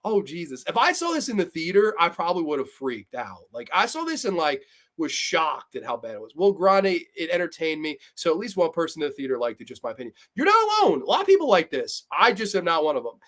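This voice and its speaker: A young man hosting a livestream film review, reading chat comments and ranking films in blunt, profane, animated talk. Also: a little high, fast. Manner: blunt, profane, animated, laughs often, mocks characters in put-on voices. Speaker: host.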